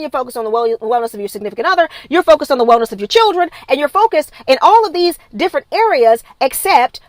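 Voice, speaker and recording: A woman's voice: on the high side, dry recording. A woman wellness coach giving a live-streamed motivational talk into her phone, emphatic and repetitive, driving her points home with a preachy insistence.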